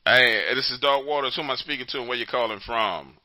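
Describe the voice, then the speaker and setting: A man's voice: medium pitch, fast, over loud music, rough recording. A man hosting a call-in show, telling stories in loose, profane casual chat and laughing often. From New Orleans, Louisiana.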